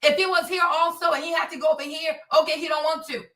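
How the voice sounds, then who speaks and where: A woman hosts a livestream in a fired-up commentary rant. Her voice is high and bright, she swears freely, and she hammers the same phrases again and again. She sits back from the microphone in a roomy, echoing space. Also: fast, recorded from a distance. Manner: animated, profane, repeats phrases for emphasis. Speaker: livestream host. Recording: roomy and off-mic.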